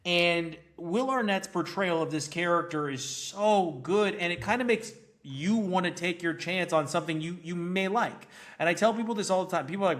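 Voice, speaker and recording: Animated high-voiced male podcast host. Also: a little fast, hardly any pauses. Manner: animated, laughs often, acts out scenes in quotes. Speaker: podcast co-host reviewing movies. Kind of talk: casual chat.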